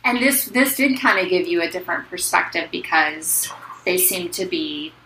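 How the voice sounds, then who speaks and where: A bright, forceful woman talks through a book in casual chat, full of fillers. Her voice rings in an echoey room with a faint hiss behind it. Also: on the low side, expressive, moderate pace. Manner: chatty, reads passages aloud, many fillers. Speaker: book podcast co-host.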